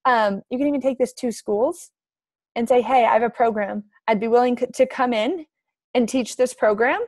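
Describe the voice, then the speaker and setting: Brief: thirties woman coach, higher voice, dry close sound, fired-up and emphatic on a video call. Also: moderate pace, no room sound. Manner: energetic, emphatic, rallying. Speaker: team coach leader. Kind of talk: motivational team call.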